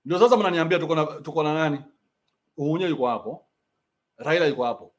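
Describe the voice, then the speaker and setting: A man with a Kenyan accent hosting a podcast, ranting in a mocking, animated way and swearing freely. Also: fairly high pitch, quick pace. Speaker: podcast host. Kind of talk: ranting commentary.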